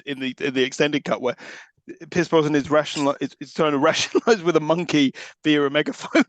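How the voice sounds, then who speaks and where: A man's voice: a little high, a little fast, dry recording. A man co-hosting a podcast, joking and giggling in casual chat. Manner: giggly, jokey, doing silly voices. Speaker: podcast co-host. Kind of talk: casual film review chat.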